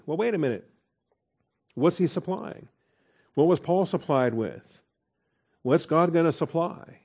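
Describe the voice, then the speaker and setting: A man giving an expository Bible teaching, asking rhetorical questions and stressing key words slowly. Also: mid-range voice, dark tone.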